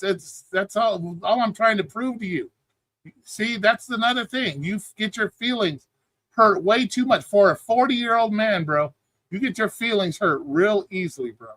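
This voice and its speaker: A man's voice: high-pitched, fairly bright tone, no echo. A man hosting a live stream, arguing in a blunt, profane, lecturing way. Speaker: streaming show host. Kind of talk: heated livestream argument.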